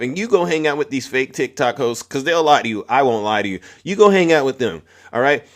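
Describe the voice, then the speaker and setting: A man's voice: medium pitch, brisk, few pauses. A man hosting a political livestream, ranting combatively and speaking straight to his viewers. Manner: combative, repetitive, addresses audience directly. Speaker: livestream host. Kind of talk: heated political livestream rant.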